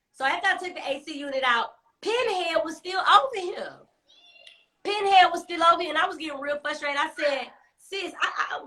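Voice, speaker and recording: A young woman telling a story casually on a phone live stream, animated and sassy, cursing heavily and hammering points with repetition. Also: high-pitched, a little hiss or hum. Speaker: storyteller host.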